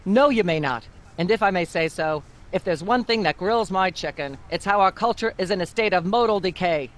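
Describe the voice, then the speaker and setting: A woman's voice: lowish voice, lively intonation, fairly quick, slight background noise, close to an everyday voice. An actress playing a vain, pompous female talk show host who lectures and rambles. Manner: haughty, lecturing, rambling blah-blah tirades.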